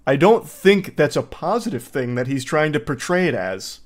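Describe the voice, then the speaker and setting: A man's voice: a little high, sing-song, moderate pace, few pauses. Sarcastic man in comedic commentary. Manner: sarcastic, incredulous. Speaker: host reacting to videos.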